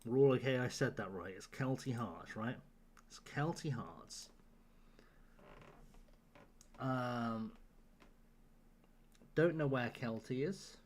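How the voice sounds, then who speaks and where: Late at night at home, a live-streaming gamer chats tiredly and casually, rambling, joking with his chat and laughing often. His mid-range voice is slightly mellow, and he talks slowly with long pauses.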